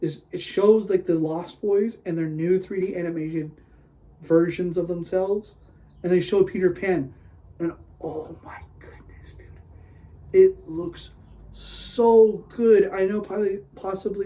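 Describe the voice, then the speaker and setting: Excitable, rambling man, mellow voice. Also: sits high, rough recording. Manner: excitable, rambling, lots of "like" and "dude"; gushing, then griping. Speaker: podcast host. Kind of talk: casual solo podcast rant.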